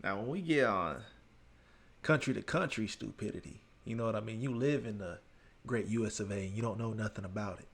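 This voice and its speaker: A man with a Texan accent hosts a reaction video in an easygoing, chatty way. His voice sits low, and he calls his viewers "y'all" and "man.". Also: a little fast, creaky, breathy edge. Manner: laid-back, talks to viewers as "y'all" and "man". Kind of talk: casual reaction commentary.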